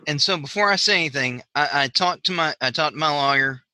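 A man's voice: a little high, fast talker, bright, forceful tone, dry recording. A man with a Southern US accent co-hosting a casual wrestling podcast, rambling and repeating his words as he talks. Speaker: podcast co-host. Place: Pennsylvania.

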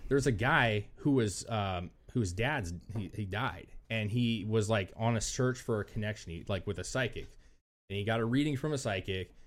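A man's voice: fairly low pitch, normal speed. A man co-hosting a podcast, telling stories in casual, profane chat and acting out the voices of people he quotes. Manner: animated storytelling, profane, acts out quoted voices. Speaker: podcast co-host.

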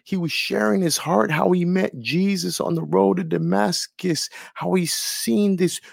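Slow, gravelly-voiced older male preacher. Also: high voice, dry recording, studio quality. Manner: preaching in Paul's voice, with stammered repeats. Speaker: pastor. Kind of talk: sermon.

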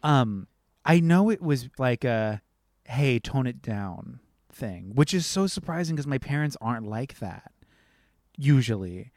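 A man's voice: medium pitch, unhurried, dry recording. A young man talks casually and expressively, swinging between rising and dropping tones as he tells a story. His voice is close and dry, with no room sound around it. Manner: animated, expressive storytelling with swearing. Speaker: podcast co-host. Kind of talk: casual chat.

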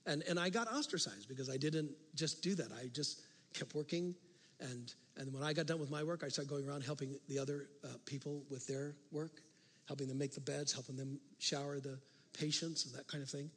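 A male pastor preaching a sermon, telling a story with animated swings from loud to hushed. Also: on the high side, brisk, husky. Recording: long reverb of a large hall.

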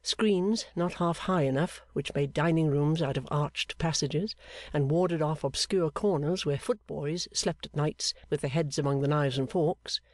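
A man reading a classic novel aloud in a measured, expressive way. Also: on the high side, dry recording. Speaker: audiobook narrator. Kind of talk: scripted narration of a classic novel.

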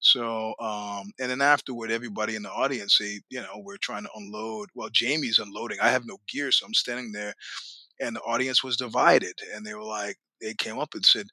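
Older man telling animated stories, dry sound. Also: lowish voice, brisk, dry recording. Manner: animated anecdotes with acted quotes and laughter. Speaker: guest. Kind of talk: storytelling interview.

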